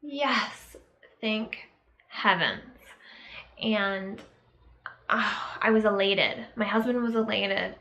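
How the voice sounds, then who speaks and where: A young woman telling a personal story to camera in a casual vlog, halting and reflective, with many fillers and pauses. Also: mid-range voice, sharp tone, rough recording. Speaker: vlogger.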